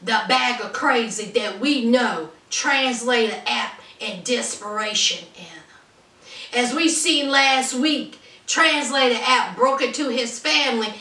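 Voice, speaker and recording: A woman with a high, bright voice talks through a reality show recap in a sassy, outspoken way, taking her time. She sits back from the mic in an echoey room. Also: slow. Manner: sassy, outspoken, calls viewers honey and y'all. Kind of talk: casual commentary. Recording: roomy echo, distant from mic.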